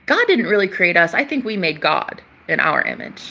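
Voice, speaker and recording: A young woman with a bright, forceful voice talks straight to her viewers about spirituality. Her delivery is emphatic and preachy, with casual swearing and pet names like baby. It sounds like an unscripted vlog. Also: mid-range voice, very animated, moderate pace. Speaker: spiritual channel host. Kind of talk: casual spiritual talk to camera.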